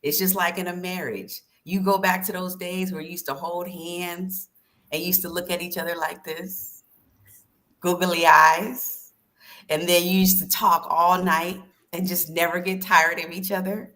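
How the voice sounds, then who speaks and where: A woman, a former middle school teacher, being interviewed on a livestream, telling lively stories and acting out voices. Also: fairly low pitch, a little slow. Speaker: guest author and former teacher.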